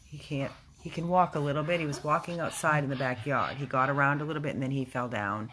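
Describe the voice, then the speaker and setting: Woman rescue volunteer, very deep voice, emotional and halting delivery, casual video update. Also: a bit bright, slight background noise. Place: rescue house, indoors.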